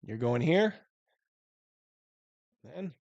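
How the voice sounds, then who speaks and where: A man's voice: on the high side, very animated, very slow, creaky, a little mellow, no echo, lo-fi sound. A man narrating as game master of a tabletop game, loose and chatty, laughing often.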